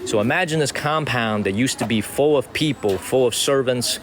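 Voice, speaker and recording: A man's voice: medium pitch, normal speed. A man from the United States hosting a live-streamed walking tour outdoors, chatting to viewers, thanking them by name and repeating his points. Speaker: livestream tour host. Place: outdoors at a historic residence. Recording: outdoor street noise.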